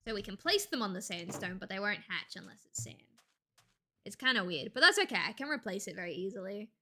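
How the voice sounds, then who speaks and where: A woman talks casually while she plays on stream, thinking out loud and swearing now and then. Her voice sits at a medium pitch and comes out fast, expressive, pushed and bright.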